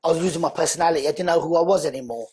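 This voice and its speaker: A man, a guest on a podcast, telling his life story in an earnest, animated, conversational way. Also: a little high, rapid-fire, breathy edge. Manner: animated, earnest, acts out quoted speech loudly.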